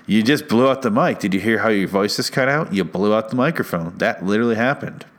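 A man's voice: fairly low pitch, expressive, brisk. A man hosting a comedy podcast from a studio, talking into a close mic in a rambling, sarcastic, self-mocking way. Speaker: podcast host. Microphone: studio mic with headphones.

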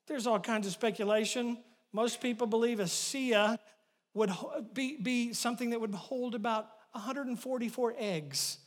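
A man preaches with real animation, swinging between loud bursts and hushed asides as he retells the story. His voice sits high for a man. The sound carries a long reverb, like a large church hall. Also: normal speed. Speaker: pastor. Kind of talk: sermon.

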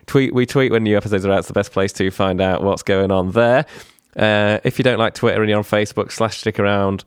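Laid-back man, low voice. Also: steady tone, brisk, few pauses, clean tone, no echo, studio quality. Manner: loose, swearing, rambling with many fillers. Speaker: podcast co-host. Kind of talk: casual podcast chat.

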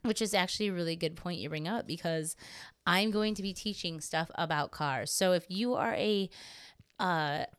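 A woman's voice: on the low side, moderate pace, fairly bright tone, clear, resonant tone, no room sound. A young woman co-hosting a podcast, chatting casually in a rambling way, swearing freely and laughing often. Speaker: podcast co-host. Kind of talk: casual chat.

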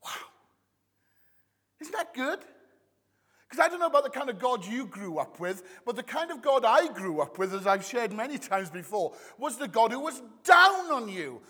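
A pastor delivers a warm, conversational sermon to his congregation, his pitch swinging widely up and down. His high, bright voice is expressive and moderately paced, trailing a long reverb from the church hall.

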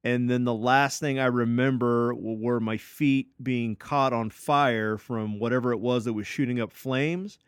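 Recorded dry at studio quality, a male podcast co-host speaks in a steady, smooth mid-range voice, a little slow and with hardly any pauses. He casually spins a long, profane tale, peppered with "uh," "like," and frequent restarts.

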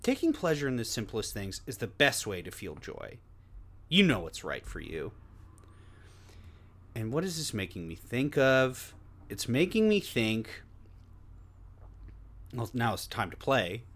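Lively, bright-voiced male podcast host. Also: medium pitch, measured pace, pauses often. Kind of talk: casual podcast chat.

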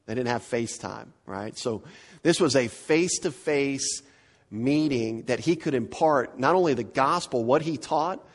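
Preaching a little slowly in a medium-pitched voice, a male pastor goes through his sermon verse by verse. His delivery is animated and emphatic, with frequent repetition of words for emphasis.

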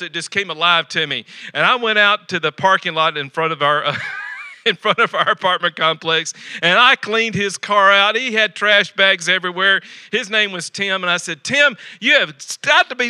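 A male pastor preaching a sermon in a folksy, joking way, repeating phrases for emphasis and swinging from loud exhortation to quiet asides. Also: high voice, clear, resonant tone, no room sound.

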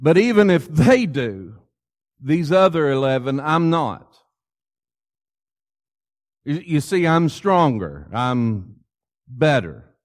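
A man's voice: fairly high pitch, sing-song, takes it slowly, pauses often. A man preaching a sermon voicing the apostle Peter as a boastful, overconfident man who insists on his own strength. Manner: insistent, emphatic, raising his voice. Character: boastful bold male apostle Peter, young adult, overconfident.

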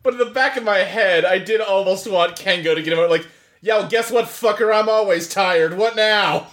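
A podcast co-host chatting casually, joking and quick to laugh. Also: mid-range voice, background noise. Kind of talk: casual chat.

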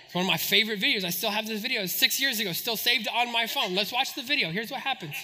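A man's voice: high-pitched, quick pace. A man in his forties preaching a sermon, telling stories and acting out quoted voices. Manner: animated storytelling, acts out quoted voices. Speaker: pastor.

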